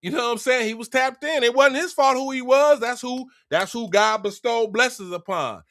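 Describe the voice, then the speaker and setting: A man retelling a Bible story in a casual, slangy and animated way. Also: extremely high pitch, normal speed.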